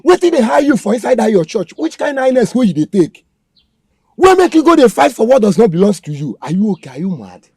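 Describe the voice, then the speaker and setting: A violent, contemptuous kidnapper, played by a man, snarling threats in Nigerian Pidgin English. His voice is high and husky and leaps around in pitch. The sound is dry and close. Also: sing-song, fast talker, a little mellow, dry recording, full character voice. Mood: mocking. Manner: threatening, barking orders, Pidgin slang. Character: menacing male kidnapper thug, violent and contemptuous. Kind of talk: Nollywood film acting.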